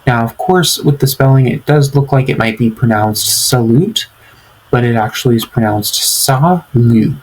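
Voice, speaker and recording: A man's voice: medium pitch, brisk, few pauses, poor audio. A man teaching beginners in a language tutorial, speaking patiently and repeating each phrase for learners to follow. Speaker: French teacher.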